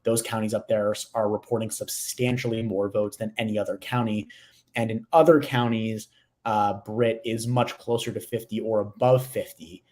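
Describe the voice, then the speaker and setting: A man giving casual analytic commentary on election returns, measured with some hesitations. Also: on the low side, steady tone, a little mellow.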